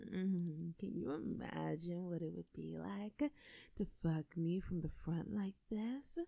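A woman's voice: fairly low pitch, creaky, dark tone, no room sound, clean studio sound, heavily acted. A woman voicing a bold, crude and taunting young woman in an audio role-play. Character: bold teasing young woman, sister's friend.

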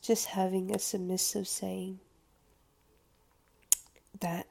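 Woman talking slow and low, gravelly fry, halting and half-whispered, intimate confessional vibe. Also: steady tone. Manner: hesitant, halting, drifting into soft whispers.

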